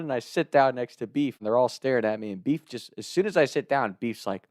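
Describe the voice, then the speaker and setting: A man in his twenties telling a story in a casual, chatty way, laughing between lines and doing loud voices for his friends. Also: medium pitch, a little fast, few pauses, no room sound, studio quality.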